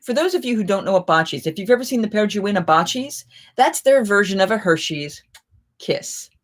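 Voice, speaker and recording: A middle-aged woman, a festival performer, hosting a live chat and telling lively anecdotes in a casual way, often getting suddenly louder. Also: medium pitch, a little fast. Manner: animated, with sudden jumps in loudness.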